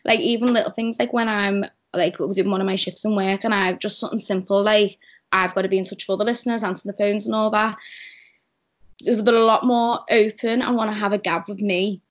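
A woman's voice: mid-range voice, steady tone, a little fast. Young woman, broad Scouse accent, chatty and rambling, on a dull lo-fi call line. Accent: Scouse (Liverpool). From Liverpool, England. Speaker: guest, radio producer. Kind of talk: casual podcast chat. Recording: dull lo-fi remote call audio.

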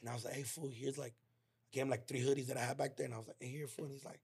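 Podcast co-host, male, gravelly and husky, casual slangy storyteller who acts out quotes. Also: mid-range voice, flat delivery, darkish tone. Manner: slangy and heartfelt, acts out friends' lines in quick quoted bursts.

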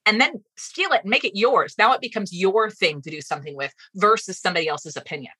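A woman guest on a podcast interview, a fast-talking, animated storyteller giving advice. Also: mid-range voice, slightly rough, dry recording. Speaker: guest speaking coach.

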